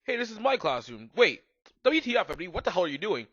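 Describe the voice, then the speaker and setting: A shrill, whiny goth schoolteacher woman, as a man puts her on, pitched up high and wildly lively. The recording is dull, lo-fi and dry. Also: fast, heavily acted. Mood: indignant. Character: melodramatic goth girl schoolteacher. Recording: dull lo-fi home mic.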